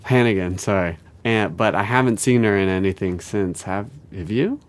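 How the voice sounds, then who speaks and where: A man co-hosting a casual comedy podcast, jokey and riffing, quick to laugh. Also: lowish voice. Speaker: podcast co-host.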